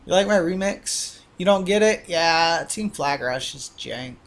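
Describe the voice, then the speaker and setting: A woman streaming a game live, commentating in a profane, excitable, trash-talking way. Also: fairly low pitch, unhurried, poor audio. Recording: game music underneath.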